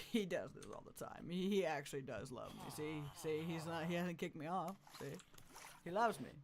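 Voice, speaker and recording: A man chatting through a live game stream, swinging from mumbly asides to loud, cartoonish exclamations and laughing often. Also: a little high, expressive, normal speed, creaky. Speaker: gaming streamer. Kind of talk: live gameplay commentary.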